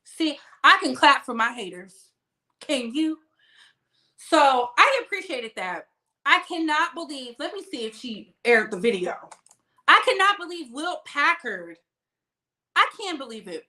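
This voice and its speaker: A woman's voice: high voice, sing-song, measured pace, sharp tone. A young woman hosting a celebrity gossip channel, giving sassy, emphatic commentary and drawing out words for effect.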